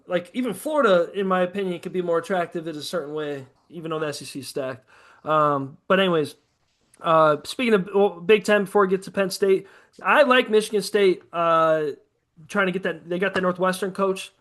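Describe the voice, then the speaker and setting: A man's voice: high voice, fairly quick, a bit bright. A man co-hosting a podcast, chatting casually and profanely about sports, ranting hard and mocking others in quoted asides. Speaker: podcast co-host.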